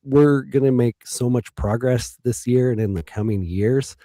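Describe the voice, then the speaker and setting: A man speaking as a guest in an interview, reflective and hesitant, with frequent pauses and restarts. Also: medium pitch, warm tone, no room sound, clean studio sound. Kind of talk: casual interview talk.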